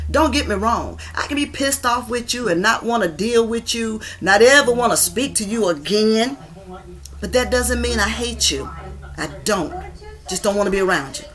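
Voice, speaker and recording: Woman, 50s, Georgia Southern accent, emphatic, impassioned, repeats herself for emphasis, vlog rant from a room at home. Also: mid-range voice. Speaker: vlogger. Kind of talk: venting monologue.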